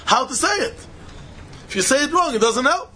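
A man's voice: extremely high pitch, animated, normal speed, pushed and bright, a little hiss or hum. A man giving a Talmud study lecture in a sing-song style, mixing in Yiddish and Hebrew terms and rising into questions. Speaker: Talmud teacher.

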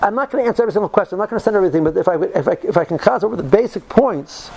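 Earnest high-voiced man telling stories. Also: animated, racing, gravelly, a little mellow, rough recording. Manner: earnest, drives points home by repeating phrases. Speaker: speaker recounting yeshiva study. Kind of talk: casual storytelling talk.

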